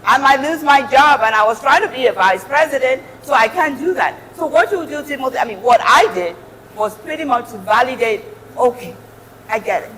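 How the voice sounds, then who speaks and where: A woman's voice: high voice, expressive, brisk, a little hiss or hum. Woman giving an earnest motivational talk. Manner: earnest, encouraging, warm advice. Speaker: guest speaker. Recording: reverberant hall.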